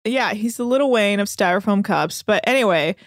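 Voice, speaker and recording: A woman podcast host in casual chat, telling stories with animated energy and plenty of swearing. She acts out what others said as she goes. The sound is dry and close to the mic. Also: medium pitch, normal speed, dry recording. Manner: animated storytelling, swears freely, acts out quotes. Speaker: podcast host recapping a reality show.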